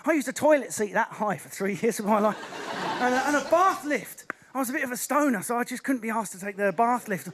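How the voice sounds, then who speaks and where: A young man with an Essex accent doing a fast, restless stand-up set on a stage. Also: very high voice, background noise. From Essex, England. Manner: fast, restless, animated delivery with sudden put-on voices. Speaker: stand-up comedian. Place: theatre stage before a live audience.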